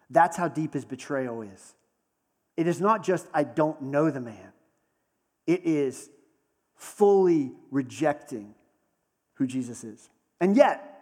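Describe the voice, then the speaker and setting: A man preaching a sermon in a conversational storytelling manner, slowing down for dramatic pauses. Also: on the high side, long reverb tail. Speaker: pastor.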